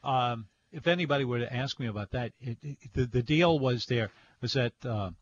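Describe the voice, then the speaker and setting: A man hosting a radio food show who talks in a halting way, with many restarts. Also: mid-range voice, a little hiss or hum. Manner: halting, full of restarts and fillers. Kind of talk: radio talk show chat. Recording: slightly dull radio audio.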